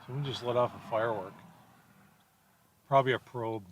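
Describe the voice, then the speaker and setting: A storm chaser talks casually from inside a car, rambling and joking while playing around with place names. His voice is medium-pitched with fairly even intonation at a normal speed, and there's slight background noise.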